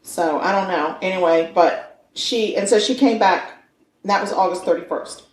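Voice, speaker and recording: A woman in her fifties with a lowish voice co-hosts a podcast, talking at normal speed. She tells a true-crime story with playful, joking banter, recorded in an echoey room with faint noise.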